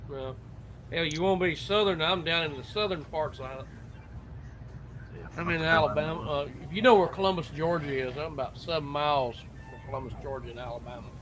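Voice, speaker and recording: A man's voice: a little high, a little fast, a crowd in the background. A man talking bluntly in a casual live-stream chat and swearing casually.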